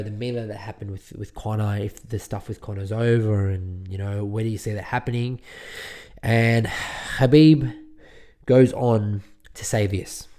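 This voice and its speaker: A man's voice: lowish voice, darkish tone. Rambling male sports podcast host. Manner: rambling, repeats words, ranting. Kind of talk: solo sports podcast commentary.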